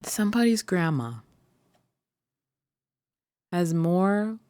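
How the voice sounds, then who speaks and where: Playful and rambling, a vlog host chats alone to her viewers, stretching out words as she goes. Her voice is on the low side, mellow, with lively intonation, recorded at studio quality with no room sound and heard through headphones.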